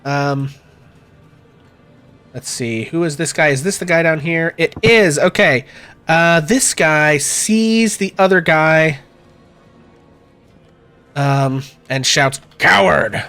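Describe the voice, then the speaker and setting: Male game master, relaxed, lots of um and uh, slightly high voice. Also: slow pace, long pauses, smooth, faint music behind. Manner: relaxed, many fillers, chuckling. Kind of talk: running a tabletop game.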